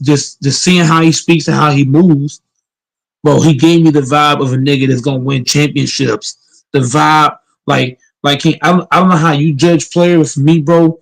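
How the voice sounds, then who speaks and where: A man's voice: fairly high pitch, creaky, low-quality recording. A man hosting a casual online sports panel, talking emphatically and profanely, often repeating words as he restarts.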